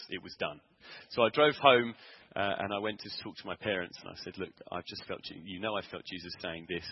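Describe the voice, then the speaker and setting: A man preaching in church, telling a personal story earnestly with frequent pauses, ums and restarts. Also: sits low, slightly rough, highs cut off. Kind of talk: sermon testimony.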